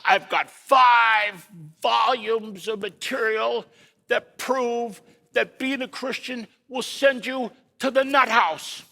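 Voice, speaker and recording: A man voicing a gruff, blunt older male psychologist, quoted scornfully in a lecture hall with long reverb. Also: very high-pitched, steady tone, takes it slowly, sharp tone, pitched above the performer's own voice, full character voice.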